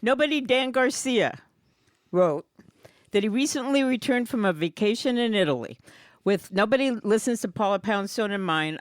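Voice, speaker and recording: A woman's voice: mid-range voice, no echo, studio quality. A woman guest reading listener letters aloud on a comedy podcast, chirpy and giggly.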